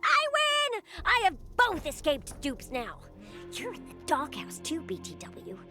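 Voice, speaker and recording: Woman playing a shrill bratty girl sorcerer. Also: wildly swooping pitch, a little slow, music in the background, heavily acted. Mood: taunting. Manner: screaming, mocking, sing-song taunts. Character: bratty twelve-year-old girl sorcerer, taunting and shrill. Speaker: game master.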